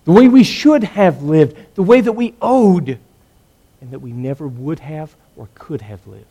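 A man preaching with an earnest, mellow voice that sits a little high for a man. He swings between loud emphatic lines and hushed, quiet ones. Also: expressive, measured pace. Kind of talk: sermon.

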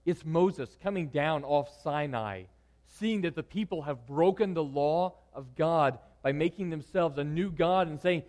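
A man preaching a sermon, moving between loud, emphatic lines and hushed, quiet ones. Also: a little high, measured pace. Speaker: pastor.

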